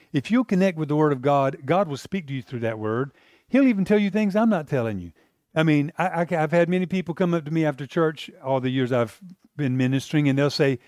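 A man preaches in a relaxed, conversational style, stumbling into restarts and slipping into the voices of the people in his story. His voice sits a little high for a man. The recording is dry and close, with no room echo. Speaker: pastor. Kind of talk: sermon.

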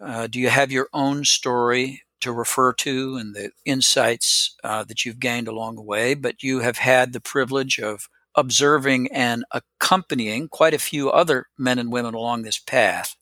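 Co-host: man, bright and forward tone, thoughtful questioner. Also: mid-range voice, fairly even intonation, normal speed, hardly any pauses, no room sound. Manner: thoughtful, with many fillers. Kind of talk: interview questions.

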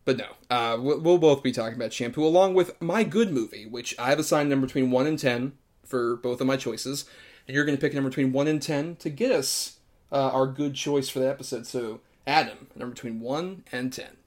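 A man hosting a podcast in casual chat, easygoing and quick to laugh. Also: medium pitch, a little mellow. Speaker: podcast host.

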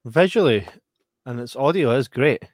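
A man's voice: mid-range voice, animated, moderate pace, dry recording, studio quality. A man hosting a casual watch-along, reading out viewer comments and laughing often. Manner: laid-back, laughs often.

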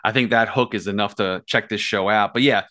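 A man's voice: fairly low pitch, steady tone, brisk, sharp tone, no echo, studio quality. A man co-hosting a podcast, chatting casually and rambling with lots of hedging fillers. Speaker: podcast co-host. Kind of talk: casual chat.

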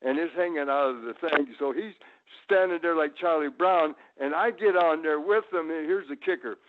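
A man telling rambling stories as a guest, with lots of repeated starts and sudden loud, high showman bursts. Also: moderate pace. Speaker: guest, retired pro wrestler. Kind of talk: casual storytelling. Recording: tinny phone-line audio.

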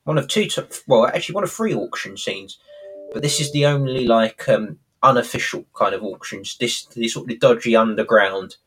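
A man's voice: mid-range voice, expressive, normal speed, a bit bright, husky. A man chatting casually as podcast co-host, retelling a sitcom episode and acting out the characters' lines.

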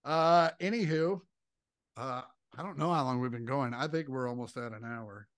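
A man co-hosting a podcast, rambling and swearing casually, with sudden animated bits of mimicry. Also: mid-range voice, normal speed, smooth, no echo, clean studio sound. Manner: rambling, profane, jumps into animated impressions. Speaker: podcast co-host.

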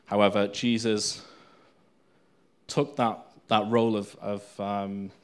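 A man's voice: fairly low pitch, little pitch movement, slow, smooth. A man giving an informal Bible teaching, reading scripture aloud between unscripted remarks full of fillers and restarts.

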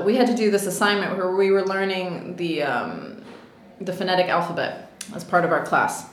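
Chatty woman in an echoey room. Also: fairly low pitch. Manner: chatty, laughing, many fillers like "like". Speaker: actress guest. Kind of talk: casual interview storytelling.

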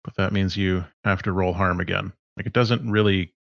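A man acting as game master, explaining rules and narrating the scene with relaxed, halting pauses. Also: sits low, creaky, no echo, highs cut off.

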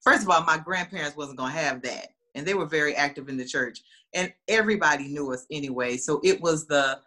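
This woman has a deep voice and talks fairly quickly as she tells funny stories in a casual chat. She's full of animation and voices the quoted characters herself.

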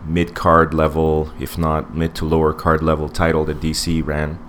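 A man's voice: a bass voice, completely flat delivery, normal speed, a little hiss or hum. A man in his forties co-hosting a casual podcast movie review, rambling with many fillers and restarts. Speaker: podcast co-host.

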